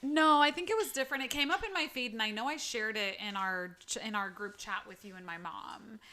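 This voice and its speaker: A woman's voice: on the high side, fairly quick, pushed and bright. A woman co-hosting a casual podcast chat, laughing often and exclaiming as she talks. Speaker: podcast co-host.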